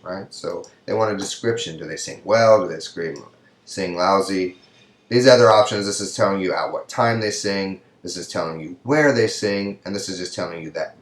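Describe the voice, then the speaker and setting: Man, teacher, slow and patient, low voice, roomy echo. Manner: patient, asks "right?" often, pauses for students. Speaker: Spanish teacher. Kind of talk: recorded lecture walking through exercises. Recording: echoey room sound.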